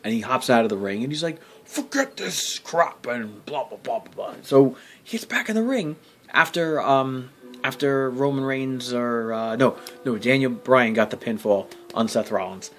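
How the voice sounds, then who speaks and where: Speaking at medium pitch and a moderate pace, this wrestling vlogger rambles through a recap with plenty of swearing, fillers and restarts. Every so often he bursts out in loud exasperation.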